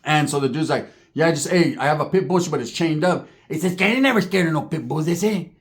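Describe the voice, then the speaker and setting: A man's voice: fairly high pitch, fast talker. A man telling a comedic story in slangy street talk, acting out the people in it. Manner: slangy, animated, acts out other characters' voices.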